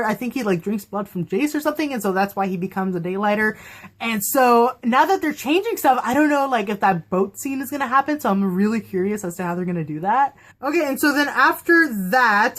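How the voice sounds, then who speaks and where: A young woman chatting casually on her vlog, excitable and quick to laugh, acting out quotes as she goes. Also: on the high side. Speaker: vlogger reviewing a TV episode. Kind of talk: casual chat.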